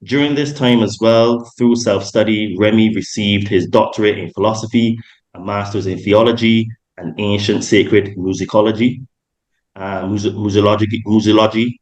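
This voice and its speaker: Rambling podcast host, low voice. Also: male voice, fairly even intonation, moderate pace, darkish tone, rough recording. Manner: rambling, many ums and self-corrections. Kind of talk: casual podcast interview.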